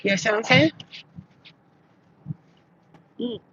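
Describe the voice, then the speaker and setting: A man telling spiritual stories in casual monologue, profane and animated, acting out what people said. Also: very high voice, unhurried, muffled recording, slight background noise. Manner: profane, animated, acts out quotes. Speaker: spiritual channel host.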